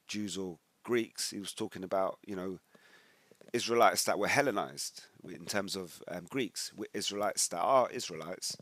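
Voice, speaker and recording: A British man talks in a deep, low register, rambling conversationally as he reads comments aloud and breaks into emphatic bursts. The sound is dry and close, with no room echo. He moves from casual commentary into scripture teaching. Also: fairly bright tone. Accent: British English. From United Kingdom. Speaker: religious commentator. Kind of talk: casual commentary reading social media posts.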